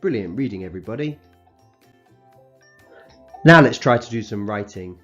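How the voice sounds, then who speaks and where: A man teaching a recorded phonics lesson to young children, sounding out letters slowly and clearly and praising them as they go. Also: fairly low pitch, lively intonation, fairly bright tone, dull audio, faint music behind. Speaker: primary school teacher.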